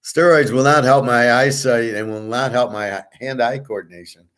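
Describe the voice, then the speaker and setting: A man's voice: medium pitch, fairly even intonation, normal speed, fairly bright tone, clean tone. A middle-aged man hosting a show, talking bluntly and with swagger, swearing freely and answering viewers in a casual monologue. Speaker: show host.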